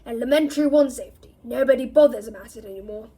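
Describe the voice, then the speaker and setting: A woman's voice: quick pace, slightly rough. A woman doing a growling grizzled old wizard. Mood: barking. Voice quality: low growling voice. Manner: barking and loud, clipped warnings. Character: gruff grizzled old male wizard, suspicious and irritable.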